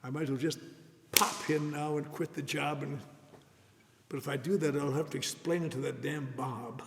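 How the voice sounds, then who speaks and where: A man's voice: fairly high pitch, fairly even intonation, normal speed. An older man telling his recovery story at a meeting in a wry, self-mocking storytelling manner, with an audience laughing in a large hall. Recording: echoey hall recording with faint noise.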